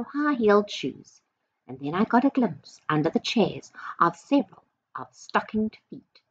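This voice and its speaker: Slow, expressive woman reading a storybook. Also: fairly low pitch, highs cut off, slight background noise. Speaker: teacher reading to a class. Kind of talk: storybook read-aloud.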